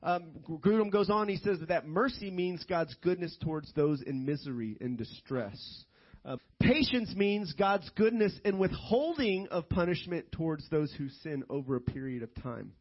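A middle-aged man preaching a sermon as pastor, animated and building to loud, emphatic stretches. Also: fairly high pitch, moderate pace, muffled recording.

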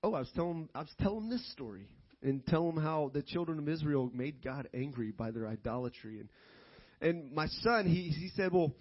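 A middle-aged man preaching a sermon as pastor, animated and building to loud, emphatic stretches. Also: a little high, fairly quick, breathy edge, dull audio.

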